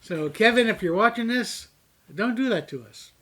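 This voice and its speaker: A man's voice: high-pitched, animated, normal speed, fairly bright tone. A man from Canada co-hosting a casual beer review chat, playful and rambling, steering topics along with little asides. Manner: playful, rambling, says "anywho" to move on. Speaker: co-host of a beer review show.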